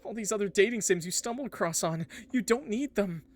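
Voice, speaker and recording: A man's voice: high voice, expressive, fairly quick, pitched above the performer's own voice. A man doing a frantic trapped game character. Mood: frantic pleading. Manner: desperate, urgent pleading.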